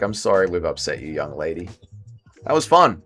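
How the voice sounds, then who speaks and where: A man in his thirties bantering on a gaming livestream. His pitch swings widely as he jokes, reads chat messages aloud and hypes up his own moves. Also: big pitch swings, normal speed, bright, forceful tone, faint music behind. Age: 30s. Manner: banter, reading chat aloud while playing. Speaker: streamer. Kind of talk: casual livestream gaming commentary.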